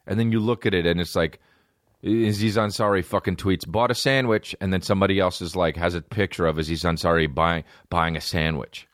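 A man's voice: deep voice, fairly even intonation, a little fast, no room sound, clean studio sound. A man in his thirties hosting a casual solo comedy podcast, rambling and swearing, slipping into mimicked voices of other people. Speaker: podcast host. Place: small indoor room with a creaky chair.

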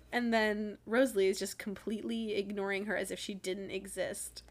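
A woman's voice: medium pitch, normal speed. A woman co-hosting a casual podcast chat, making wry jokes and giggling often. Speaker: podcast co-host. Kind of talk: casual chat recapping a book.

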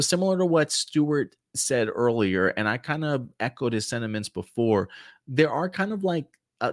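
A man hosting a casual livestream, chatting about films and shows and answering viewer comments, often halting with fillers and restarts. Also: mid-range voice, a bit bright, no echo, studio quality. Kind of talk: casual chat.

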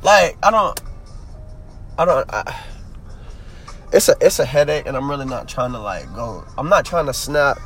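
Animated man ranting on his podcast. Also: medium pitch, moderate pace, faint music behind. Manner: rambling, repeats himself, heavy slang fillers; grows heated and emphatic. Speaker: podcast host. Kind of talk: casual solo podcast rant.

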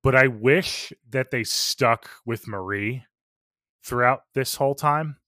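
A man co-hosting a podcast talks through a film casually and excitedly, swearing often and using many fillers. His medium-pitched voice moves at a slow pace and sounds pushed and bright, recorded at studio quality with no echo.

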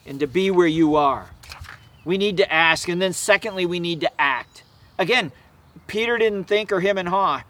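A man's voice: high voice, a little slow, fairly bright tone. A man preaching a sermon in an emphatic, conversational way, with casual asides and fillers. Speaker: pastor.

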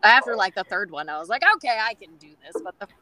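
Bright-voiced woman telling chatty stories. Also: medium pitch, expressive, quick pace, low-quality recording. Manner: chatty, many "like" fillers, acts out quoted dialogue. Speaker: guest groomer. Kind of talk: casual storytelling interview.

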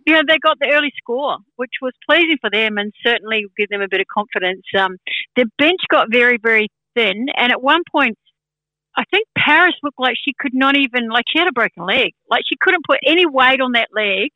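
A woman's voice: fairly high pitch, sharp tone, no room sound, dull audio. A woman from New Zealand giving casual sports chat as a football pundit, chatty with many fillers.

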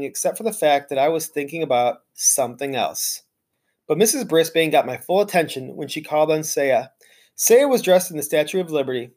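A reader narrating a children's storybook aloud in an expressive, lively way. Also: medium pitch.

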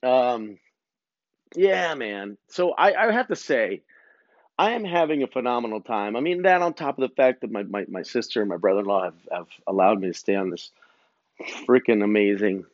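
The recording is dull, dry, and lo-fi with no room sound, as a podcast host rambles through a long casual story in slang, laughing between lines, outdoors on a break at his home property. His mid-range voice moves at a moderate pace with lively intonation.

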